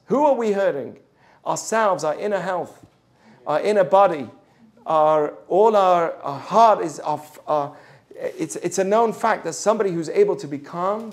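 A man teaching a Torah class to students, telling stories and asking the class questions as he goes. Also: high voice. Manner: storytelling, asks the class questions, drops to a soft voice for drama.

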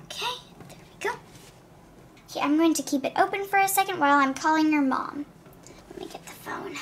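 A woman voicing a gentle, cheerful school nurse doll who reassures a hurt child. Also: high voice, brisk, a little hiss or hum, lightly acted. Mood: calm. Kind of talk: doll play narration.

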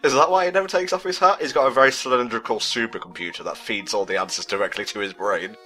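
A man's voice: mid-range voice, fast, pushed and bright, faint music behind. A man from England in casual gaming banter, joking and teasing while commentating a puzzle game. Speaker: let's play commentator.

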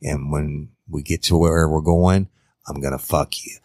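A cold abductor makes flat threats, as a man retells them in a very deep, gravelly voice. The sound is dry and close, from a spoken true-crime story. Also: a little slow, no room sound, heavily acted. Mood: menacing.

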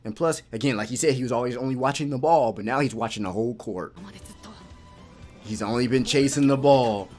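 A man giving excitable, casual reaction commentary while watching an anime, cheering and laughing often. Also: mid-range voice, a little fast, soft background music.

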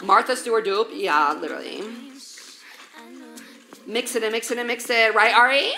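A woman's voice: fairly high pitch, normal speed, creaky, bright, forceful tone, faint music behind. A young woman streaming while she bakes, chatting in slangy, profane valley-girl talk straight to her viewers from a home kitchen. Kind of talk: casual baking livestream chat.

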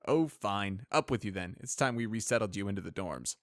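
A friendly stallion sergeant, voiced by a man reading a storybook, jovial and teasing. His voice is low and easygoing. The recording is dry and close. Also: lively intonation, brisk, no room sound, lightly acted.

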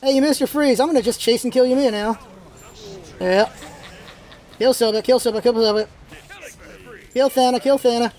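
A gaming video host calling out live gameplay, excitable and shouting, repeating calls and teasing opponents. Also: mid-range voice, normal speed, long pauses. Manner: teasing, talks to enemy players.

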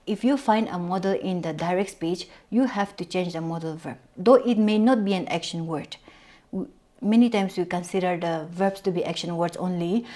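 A woman with a Naga English accent teaching a recorded grammar lesson, stressing points by repeating words and slowing down over examples. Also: mid-range voice, a little mellow.

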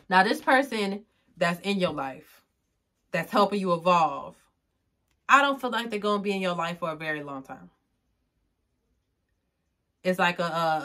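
A woman's voice: on the low side, a bit bright. A young woman giving a casual tarot reading to camera, rambling with lots of fillers and close to tears. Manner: rambling, filler-heavy, emotional and tearful at times. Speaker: tarot reader.

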